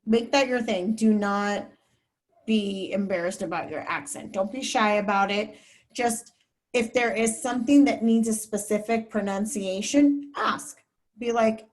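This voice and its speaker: A woman's voice: medium pitch, steady tone, moderate pace. A woman TV news reporter speaking as a guest, giving candid, chatty advice to students over a video call, with many fillers. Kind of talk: casual advice talk to students.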